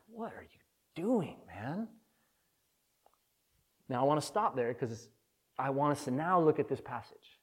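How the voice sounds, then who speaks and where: Earnest man preaching a conversational sermon. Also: on the high side. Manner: earnest, candid storytelling that swells with feeling. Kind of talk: conversational sermon with personal story.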